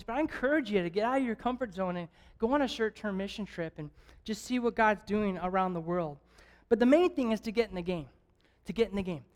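A man preaching as a guest evangelist at a church service. He is an animated storyteller who jokes and chuckles often. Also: high voice. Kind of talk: lively sermon with stories.

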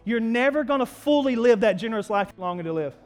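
A male pastor preaches animatedly in a quick, high voice, shifting from storytelling into loud, emphatic delivery. His words echo through a reverberant church hall as soft music plays beneath.

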